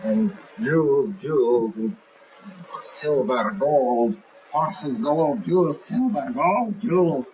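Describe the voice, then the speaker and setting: A man's voice: on the high side, big pitch swings, slow pace, far from the mic, pitched above the performer's own voice. A man doing dim bored desert brigands. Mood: greedy. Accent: Irish. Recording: muffled, slightly hissy archive tape.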